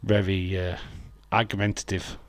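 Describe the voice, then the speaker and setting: Low-voiced chatty man on a live stream. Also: flat delivery, moderate pace, no room sound. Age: adult with children. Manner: chatty, laughs often, answers viewer comments. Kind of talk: casual live stream chat.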